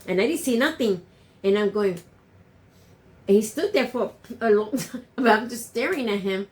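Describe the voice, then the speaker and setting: Bilingual woman with a higher voice. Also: animated, moderate pace, darkish tone. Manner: switches between English and Spanish, emphatic. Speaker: podcast co-host. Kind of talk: casual storytelling chat.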